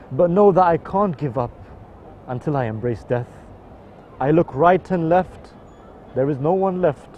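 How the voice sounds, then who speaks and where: A man explains and then recites a mournful devotional poem, his voice swelling on cries and dropping soft at line ends. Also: high voice. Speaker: religious poetry reciter. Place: outdoors in a city. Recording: dull, muffled outdoor recording.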